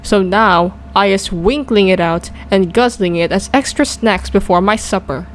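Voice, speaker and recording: A woman doing a booming, bullying giant. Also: moderate pace, lightly acted. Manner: booming, shouting insults. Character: huge brutish male man-eating giant, bullying and loud.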